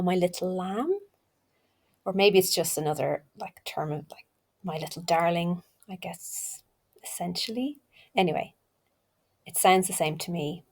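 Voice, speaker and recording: A woman's voice: mid-range voice, a little mellow, husky. A woman hosting a casual video lesson, chatty and self-deprecating, thinking aloud as she goes. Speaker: language learner teaching Turkish.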